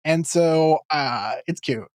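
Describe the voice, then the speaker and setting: A woman's voice: low voice, slow, dry recording, studio quality. A woman co-hosting a podcast, animatedly retelling a cartoon episode in casual chat. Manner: animated retelling, acts out characters' lines. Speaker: podcast co-host.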